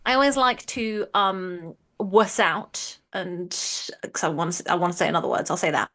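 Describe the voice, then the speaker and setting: A woman co-host talks through an episode rating in loose, rambling chat, breaking off and starting her sentences over. Her voice is bright and forward, with easy laughter running through it. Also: lowish voice, moderate pace. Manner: chatty, giggly, restarts often. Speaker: podcast co-host. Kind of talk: casual rewatch chat.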